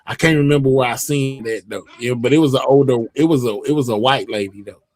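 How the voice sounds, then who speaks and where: A man's voice: medium pitch, quick pace, darkish tone, no echo. A man hosting a live stream, chatting casually and reading out viewer comments, rambling with many fillers and restarts. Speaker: livestream host.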